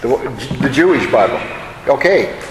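A man's voice: mid-range voice, big pitch swings, normal speed, echoey room, in a large hall, slight background noise, poor audio. A man teaching a Bible study in a conversational way, often putting questions to his audience.

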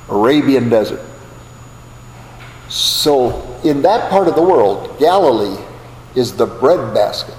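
In a Bible class lecture, this older man from the United States tells folksy stories peppered with asides. His voice runs on the high side and is a little mellow, with hall echo and a faint background hum.

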